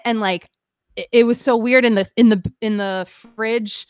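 A woman's voice: medium pitch, fairly even intonation, normal speed, clear, resonant tone, dry recording. A young woman, a podcast guest, telling her story in a rambling, candid way, full of "like" and restarts. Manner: rambling, heavy use of "like", frequent restarts.

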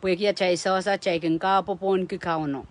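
A woman's voice: fairly low pitch, steady tone, normal speed. A woman preaching a sermon, speaking emphatically and often checking in with her listeners.

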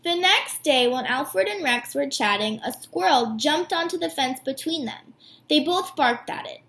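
High, animated teacher reading a storybook. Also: female voice, measured pace, a little hiss or hum. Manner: warm and animated. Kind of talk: reading a picture book aloud. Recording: echoey room.

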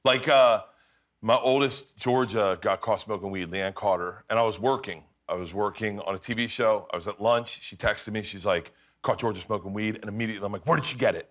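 Bright-voiced comedian man telling stories. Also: fairly low pitch, a little fast. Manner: animated, laughing storyteller with quoted voices. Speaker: comedian guest. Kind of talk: late-night talk show storytelling. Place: television studio with audience.

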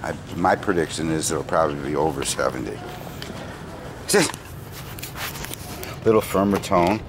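A man's voice: a bass voice, lively intonation, fast talker, noisy background. A man working as a dog trainer outdoors, giving short firm commands and lifting into sing-song praise while he explains the training. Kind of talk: dog training demonstration with commentary. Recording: outdoor recording with clear background ambience.

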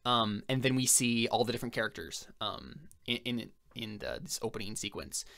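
Halting young man narrating a tabletop game. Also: medium pitch, vocal fry, pushed and bright. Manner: halting, filler-heavy storytelling. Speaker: game master.

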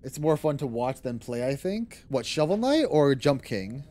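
A man's voice: medium pitch, big pitch swings, normal speed, warm tone, soft background music. A young man streaming a game, chatting casually, reading chat aloud, laughing often and swearing freely. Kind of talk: casual live-stream chat while gaming.

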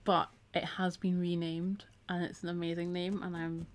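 A woman's voice: fairly low pitch, flat delivery, moderate pace, a little hiss or hum. A middle-aged woman, chatting casually while she teaches a craft on a live stream and reads out viewer comments.

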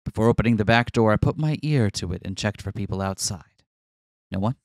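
A man's voice: on the low side, brisk, no room sound. Man reading a horror visual novel aloud. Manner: dramatic reading mixed with joking asides. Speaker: let's play host.

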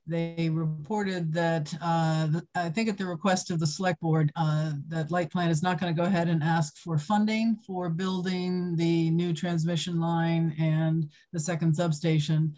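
A woman's voice: deep voice, warm tone. A woman giving a matter-of-fact report at a town committee meeting. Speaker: committee liaison.

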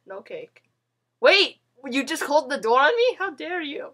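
Giggly high-pitched young gamer girl. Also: big pitch swings, unhurried, bright, forceful tone. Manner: giggly and playfully bossy, laughs often. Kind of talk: let's play commentary.

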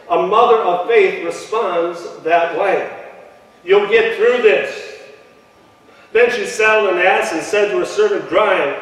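High-voiced male pastor preaching in an echoey hall. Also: takes it slowly, a bit bright. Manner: preaching, calls congregation to respond aloud. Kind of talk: sermon with scripture reading. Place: church sanctuary. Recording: echoey church hall from far off.

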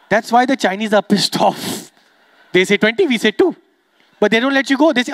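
Young indian guy doing stand-up, very high voice for a man, teases the crowd. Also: brisk, no echo, clean studio sound. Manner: animated, teases the audience, switches into voices. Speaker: stand-up comedian. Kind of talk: stand-up comedy.

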